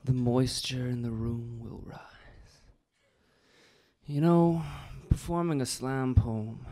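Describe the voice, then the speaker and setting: A man performing a comic slam poem on stage, theatrical, swinging from breathy whispers to shouts. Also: mid-range voice, fairly even intonation, takes it slowly. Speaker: slam poet.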